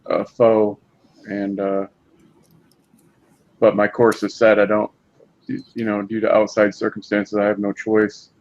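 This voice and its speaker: A man thinking his game moves through aloud, hesitant and full of fillers. His voice is lowish and flat. The sound comes over a dull, lo-fi mic. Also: a little slow, long pauses. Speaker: player. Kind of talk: tabletop game play.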